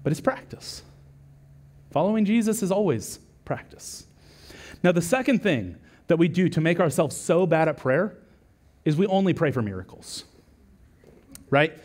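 Animated high-voiced man preaching. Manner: animated storytelling with acted-out quotes; conversational, frequent "right?" asides. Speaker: lead pastor. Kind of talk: sermon.

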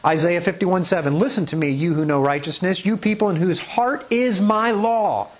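A man with a notably high voice delivers an emphatic sermon as a pastor. He keeps checking in with the listeners through rhetorical questions and reads scripture passages aloud. The recording sounds a little dull and lo-fi. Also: normal speed. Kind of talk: sermon teaching.

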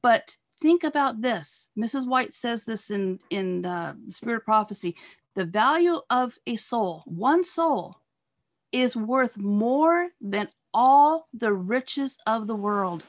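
A woman giving an earnest sermon over a video call, pressing her listeners with repeated rhetorical questions and halting now and then on fillers and restarts. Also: fairly high pitch, animated. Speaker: speaker at a church talk on marriage.

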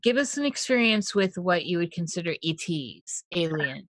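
Low-pitched woman host, easygoing, musing questions, dead dry mic. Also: big pitch swings, moderate pace, no room sound. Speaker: interviewer. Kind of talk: conversational interview.

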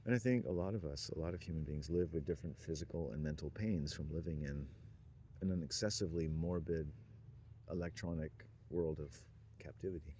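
A man with a very low voice drifts through a meandering monologue, chuckling to himself and letting sentences trail off. A faint hiss of noise sits under the recording. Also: fairly quick, warm tone. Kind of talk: rambling stream-of-consciousness monologue.

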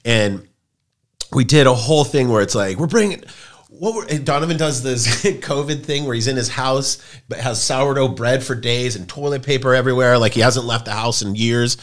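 A rambling man in his forties tells long stories on a podcast, swearing freely and throwing his voice high when he quotes friends. His pitch sits mid-range for a man. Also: normal speed. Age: 40s. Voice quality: profane, rambling, animated. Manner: acts out quoted voices with big pitch jumps. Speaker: podcast guest. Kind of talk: casual storytelling chat.

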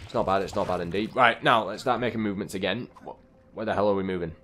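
Low-voiced young man gaming. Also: quick pace, sharp tone, slight background noise. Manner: chatty, easily exasperated, talks to game characters. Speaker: gaming channel host. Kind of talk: casual let's-play commentary.

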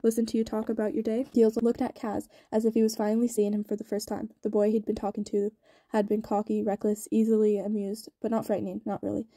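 A woman narrates a novel in a steady, even way, with little rise and fall in her voice. Her tone is dark and mellow, and the recording is dry and sped up so that she sounds rushed. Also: medium pitch, no echo. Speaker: audiobook reader. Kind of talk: reading a novel aloud.

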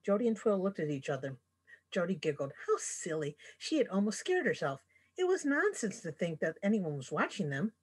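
A woman author reading her own fantasy story aloud, expressive as a storyteller. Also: on the low side, moderate pace, breathy edge. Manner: expressive storyteller voicing characters.

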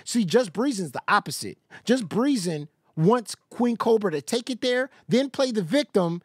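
A man hosts a casual reaction stream, telling gossip with lots of laughter. His voice sits mid-pitch and swoops widely as he gets worked up. The mic sound is dry and close. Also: normal speed, hardly any pauses, dry recording. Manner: laughs a lot, animated gossipy storytelling. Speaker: live-stream reaction host. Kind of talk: casual live-stream commentary.

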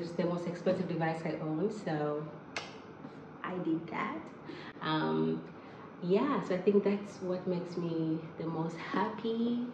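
A woman chatting excitedly to her vlog viewers from home, with lots of fillers and asides. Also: on the low side, slow pace, echoey room, background noise. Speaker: vlogger. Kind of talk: casual vlog chat.

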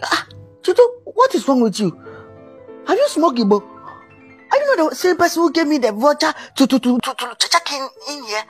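A woman's voice: high voice, big pitch swings, moderate pace, soft background music. A woman playing a heartbroken, dramatic male musician in a comedy skit, wailing and repeating herself. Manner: wailing, melodramatic, repeats himself. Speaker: comic actor.

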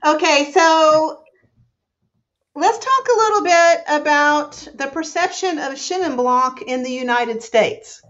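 A woman's voice: high voice, animated, slow pace, a bit bright, dull audio. A woman hosting a live broadcast interview, laughing along and moving the talk forward. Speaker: host.

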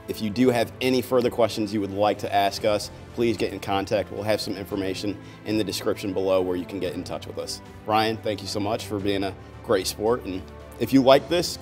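A man hosting in a relaxed, casual way, an enrollment advisor introducing segments. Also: lowish voice, a little fast, faint music behind.

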